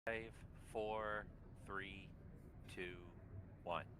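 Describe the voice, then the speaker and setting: A man's voice: fairly low pitch, fairly even intonation, very slow, background noise. A man streaming a game, chatting casually with friends, laughing and swearing through teasing banter. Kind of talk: casual gaming chat.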